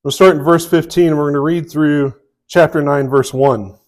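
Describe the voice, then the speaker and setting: A man with a Southern US accent preaching a sermon to a live congregation, telling a story in a relaxed way with many fillers. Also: fairly high pitch, normal speed. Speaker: pastor.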